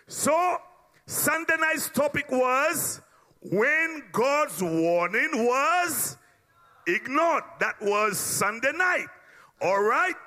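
A man's voice: very high voice, sing-song, extremely slow, sharp tone, in a large hall. A man addressing a church congregation, rousing them with call-and-response before introducing the evening's topics.

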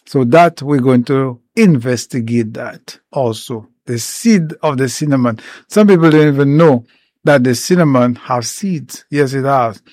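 A man explaining herbal remedies in an informal talk, unhurried and step by step, with many pauses. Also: medium pitch, darkish tone, no echo. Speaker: herbal educator.

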